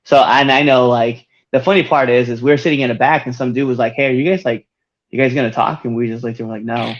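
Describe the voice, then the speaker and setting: A man's voice: medium pitch, fairly even intonation, fast, lo-fi sound. A man hosting a podcast, chatting casually and laughing often as he tells wrestling stories. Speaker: podcast host.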